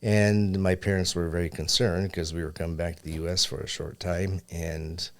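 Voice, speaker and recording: A man's voice: deep voice, flat delivery, normal speed. A man who grew up in Japan, a business owner talking as a podcast guest in an easygoing, reflective way. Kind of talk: casual interview chat.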